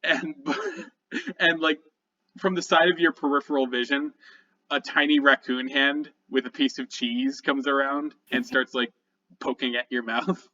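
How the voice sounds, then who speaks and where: Laughing game master, off-mic and muffled. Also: male voice, medium pitch, fairly even intonation, unhurried, sharp tone, recorded from a distance. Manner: laughing often, casual filler-heavy narration. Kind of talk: narrating a tabletop game.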